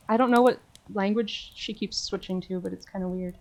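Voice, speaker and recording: Young woman streamer, casual amused chatter, middle pitch, faint music behind. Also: steady tone, fairly quick, few pauses. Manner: chatty, amused asides, trailing off quietly. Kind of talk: casual game commentary.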